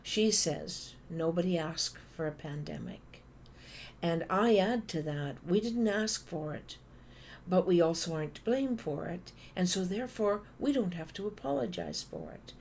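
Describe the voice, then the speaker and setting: Lively Canadian woman giving a talk. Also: on the low side, unhurried, a little hiss or hum. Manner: animated storytelling with playful asides. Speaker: speaker. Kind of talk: motivational talk.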